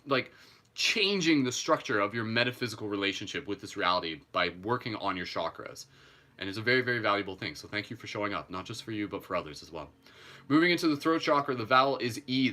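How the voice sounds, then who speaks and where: A Canadian man leading a live guided meditation, moving from slow, gentle breathing cues into rambling, chatty asides full of "like" and "you know". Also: medium pitch.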